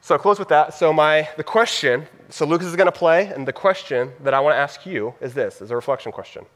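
A man's voice: fairly high pitch, quick pace, a bit bright. A man in his thirties, a pastor telling a personal story in a sermon, casual and heartfelt with laughing asides. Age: 30s. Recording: long reverb of a hall.

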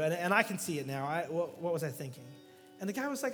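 Guest pastor, male, higher-pitched, animated sermon delivery in a reverberant sanctuary. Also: fast talker, soft background music. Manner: animated storytelling with jokes, swinging from loud to hushed.

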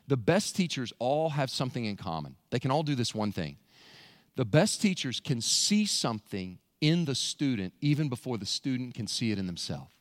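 A pastor delivers a sermon in a church, his fairly high voice swinging widely up and down. He keeps firing rhetorical questions and slipping into voices of the people in the story. The delivery is animated and conversational. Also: dry recording, studio quality. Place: church sanctuary.

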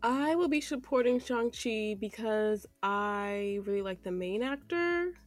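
A woman's voice: on the high side, lively intonation, measured pace, soft background music. A woman co-hosting a podcast roundtable, asking pointed rhetorical questions in a critical way. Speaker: podcast co-host. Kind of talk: casual roundtable chat.

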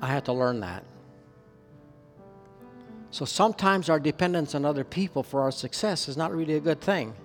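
In a church hall with long reverb, a Canadian pastor delivers a sermon, earnestly recounting a personal story and raising his voice for emphasis. His voice is on the high side and expressive, at a normal speed with long pauses. Faint music plays behind him, and the recording sounds reverberant.

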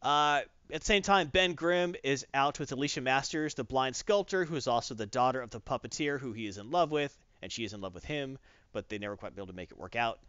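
A man's voice: medium pitch, fast, smooth, dry recording. A man hosting a podcast, recapping a comic book casually with lots of fillers. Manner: animated storyteller, many fillers. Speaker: podcast host. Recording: dull, dry lo-fi recording.

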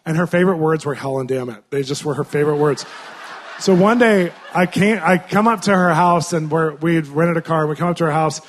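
A man preaching in an animated storytelling way, swinging between excited and hushed. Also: on the high side, a little fast, a little hiss or hum. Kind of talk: storytelling sermon.

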